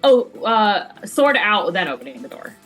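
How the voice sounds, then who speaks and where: A woman's voice: mid-range voice, big pitch swings, unhurried, fairly bright tone, faint music behind. A woman playing a tabletop game, joking as she narrates her character's actions. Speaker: player.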